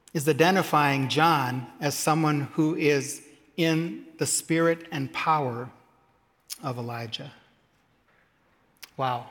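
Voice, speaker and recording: A man's voice: a little high, fairly bright tone, long reverb tail. A man preaching a sermon, reading scripture aloud and adding humorous asides. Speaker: pastor.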